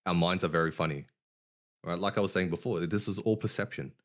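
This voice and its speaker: A man hosting a casual podcast over an online voice call. His voice is very low. He speaks deliberately and ends his phrases on a firm downward inflection. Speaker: podcast host.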